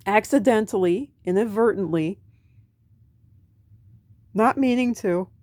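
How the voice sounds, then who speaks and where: A woman's voice: on the high side, a little mellow, no echo. An American woman vlogging in a casual late-night monologue to camera, rambling, self-mocking and profane. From United States. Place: home at night.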